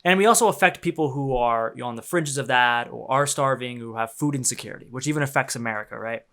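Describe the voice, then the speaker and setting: A man's voice: medium pitch, fast talker, creaky, fairly bright tone. A young man streaming a game, rambling and joking in slangy, swearing casual talk. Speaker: gaming streamer. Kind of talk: casual commentary while playing.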